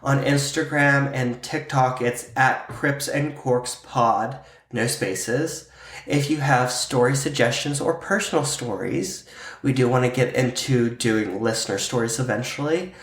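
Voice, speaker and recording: A podcast co-host from Pittsburgh chats casually and playfully, his talk dotted with ums and likes. The voice sits at a middle pitch for a man. It is recorded in an echoey room. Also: measured pace, a bit bright. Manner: playful, fillers like um and like. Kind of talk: casual chat.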